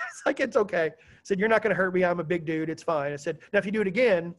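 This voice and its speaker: A man teaching a class, lecturing students in a lively, joking way and telling stories. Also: sits high, fast.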